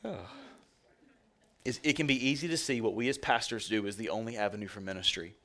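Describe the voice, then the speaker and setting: A man's voice: lowish voice, steady tone, brisk, sharp tone. A male pastor giving a sermon in a conversational, joking way, speaking directly to his congregation.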